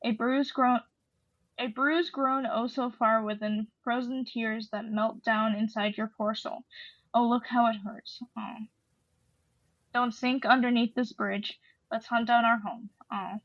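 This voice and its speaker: Woman podcast co-host, slightly high voice, soft and halting, dry dull mic. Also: steady tone, no room sound. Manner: soft-spoken, halting with fillers. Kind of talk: poetry reading and casual discussion.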